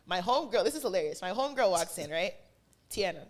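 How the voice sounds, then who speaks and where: A woman's voice: on the high side, very fast. A woman co-hosting a podcast, telling a story in casual chat and acting out the dialogue. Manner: animated storytelling with quoted dialogue. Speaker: podcast co-host.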